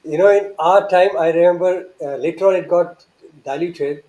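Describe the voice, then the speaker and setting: High-voiced man telling an earnest story. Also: normal speed, warm tone, low-quality recording. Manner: earnest, with frequent restarts and rhetorical questions. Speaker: guest recounting memories. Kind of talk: reverent anecdotal storytelling.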